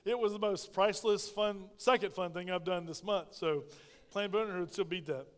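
A middle-aged pastor preaches with a folksy, emphatic delivery and keeps calling out for amens. His voice sits high for a man. The sound rings with a long reverb from the church sanctuary. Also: moderate pace. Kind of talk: sermon.

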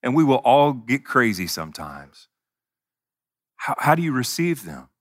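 A man's voice: medium pitch, very animated, measured pace, dry recording, clean studio sound. A male pastor preaching a sermon in an earnest, conversational way, with touches of self-deprecating humor.

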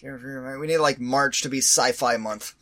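A man's voice: medium pitch, normal speed, fairly bright tone. A man hosting a casual podcast chat, teasing his co-host, laughing often and running the segments.

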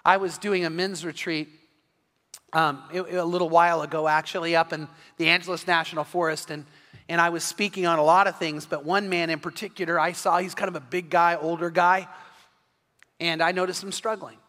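A man's voice: fairly high pitch, little pitch movement, brisk, pushed and bright. A man preaching an evening sermon, telling stories earnestly and often restarting his sentences. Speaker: pastor. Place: church sanctuary. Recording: long reverb of a church hall.

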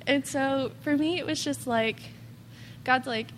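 A woman's voice: sits high, slow pace, long pauses, fairly bright tone, in a large hall, a little hiss or hum. A woman giving an earnest, rambling personal testimony, full of "like" and quoted asides. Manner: earnest, rambling, heavy use of "like". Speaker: testimony speaker.

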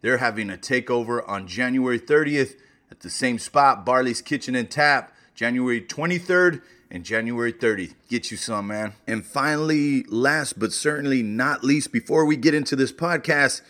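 A man's voice: mid-range voice, moderate pace, a bit bright. Laid-back male podcast host. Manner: laid-back, plugs sponsors and events. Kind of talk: casual podcast intro and shout-outs. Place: beer hall.

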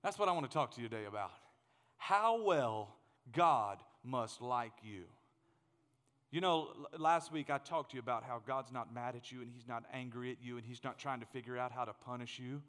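A man in his thirties preaching a sermon as pastor, animated and joking, often repeating words as he gets going. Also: mid-range voice, fast talker, hardly any pauses, big-room sound.

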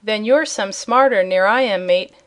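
A woman's voice: mid-range voice, normal speed, natural voice. A woman voicing a jolly, kindly old male sailor who talks in a rustic dialect with dropped letters, read as an audiobook character. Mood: musing.

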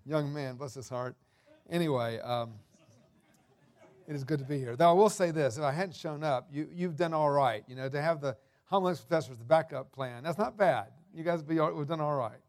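A man in his sixties giving a sermon full of personal stories, folksy and unhurried with fillers and restarts. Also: on the high side. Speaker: guest preacher.

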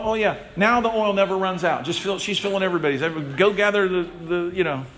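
A man's voice: quick pace, a bit bright, a little hiss or hum. A man preaching a sermon in a conversational way, calling on listeners by name and acting out the voices in the stories. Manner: conversational, addresses congregation members by name; acts out quoted voices with big pitch swings. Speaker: pastor.

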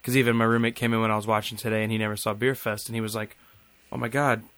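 A man's voice: lowish voice, level tone, racing, fairly bright tone, no echo. Young guy cohosting a podcast, joking around, dead dry room. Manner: jokey, laughing, puts on mock accents. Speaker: podcast co-host. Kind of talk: casual banter.

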